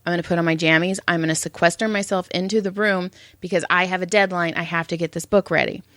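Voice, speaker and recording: A woman's voice: fairly low pitch, quick pace, no room sound, clean studio sound. A middle-aged woman co-hosting a podcast, telling stories in casual chat and acting out what people said. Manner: animated storytelling, acts out quotes. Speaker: podcast co-host.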